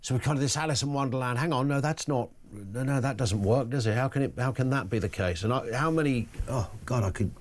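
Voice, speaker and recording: A man's voice: medium pitch, quick pace. A middle-aged man hosting talk radio, delivering a rambling, opinionated monologue full of jokey, sardonic asides. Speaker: radio talk show host.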